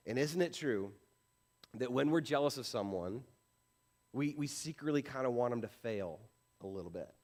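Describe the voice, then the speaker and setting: A man's voice: medium pitch, expressive, normal speed, a little mellow. A man preaching a sermon as pastor, conversational and self-deprecating, with frequent rhetorical questions. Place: church sanctuary.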